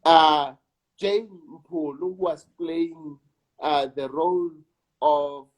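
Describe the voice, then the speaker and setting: Slow husky South African man. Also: fairly high pitch, steady tone. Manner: slow, emphatic, repeats words for weight. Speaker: actor and director, interview guest. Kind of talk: reflective conversation.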